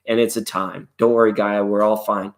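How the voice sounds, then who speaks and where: A man's voice: lowish voice, flat delivery, normal speed. A middle-aged man hosting a live tarot stream, talking in a loose, playful, rambling way with jokes along the way. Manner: loose and playful, drifts into jokes and snatches of song.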